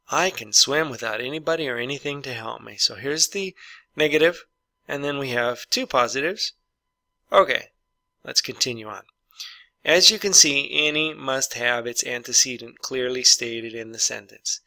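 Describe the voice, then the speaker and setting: A man's voice: medium pitch, normal speed, gravelly, sharp tone, no room sound. A man teaching an English grammar lesson, patiently walking through example sentences and repeating each one.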